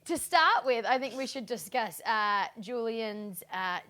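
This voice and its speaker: A woman hosting a casual live-stream chat, telling stories in an animated, laughing way. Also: a little high, measured pace. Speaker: show host.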